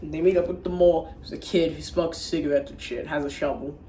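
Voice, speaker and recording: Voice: mid-range voice, steady tone, brisk, mellow, distant mic, a little hiss or hum. A casual online reviewer recapping a movie in a rambling, crude and profane way, with frequent restarts. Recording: roomy echo, faint background ambience.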